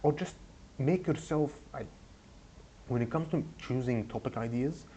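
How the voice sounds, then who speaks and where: A young man giving casual advice in a goofy, rambling way, speaking deliberately broken English. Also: mid-range voice, dark tone, husky. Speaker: advice vlogger.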